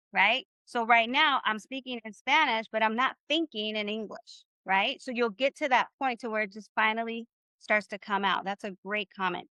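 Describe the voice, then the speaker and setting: Woman, slightly high and bright voice, encouraging language teacher on a dry video call. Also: dry recording, dull audio. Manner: upbeat, encouraging, keeps asking "right?". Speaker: Spanish teacher. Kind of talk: live online class.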